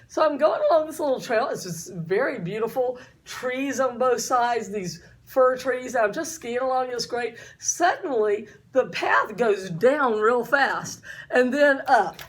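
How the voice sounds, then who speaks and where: A woman's voice: fairly high pitch, expressive, a little slow, few pauses. A woman science teacher telling a dramatic personal story to explain energy, full of sound effects and acted-out dialogue. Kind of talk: storytelling lesson.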